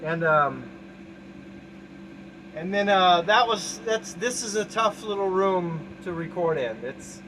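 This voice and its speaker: A man's voice: sits high, lively intonation, slow, a bit bright, a little hiss or hum, low-quality recording. A middle-aged man talking casually and candidly about his music in a small shed studio, rambling with many restarts and fillers. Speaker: musician explaining his album. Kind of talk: casual talk to camera, track by track. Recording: music playing clearly behind the voice.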